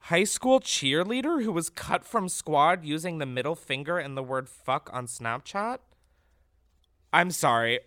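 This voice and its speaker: A young man hosting a vlog, ranting in a casual, profane and animated way. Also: on the high side, unhurried, dry recording, clean studio sound. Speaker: vlogger host.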